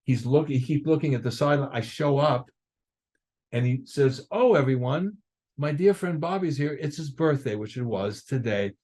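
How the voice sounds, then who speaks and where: At a moderate pace and medium pitch, an older drummer shares stories as a guest in a laid-back interview. He's animated throughout, acting out what others said.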